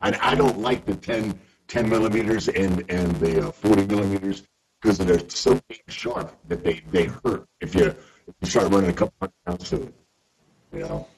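A man's voice: sits low, sing-song, moderate pace, creaky, slightly rough, poor audio. A man chatting casually on a podcast, easygoing and a bit hesitant. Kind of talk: casual chat.

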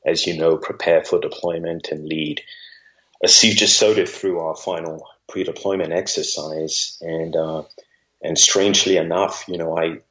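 A man with an English accent, a guest talking in a wry, measured, self-deprecating way. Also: sits low, steady tone, a bit bright, muffled recording. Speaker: guest, former Marine officer. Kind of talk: casual conversation.

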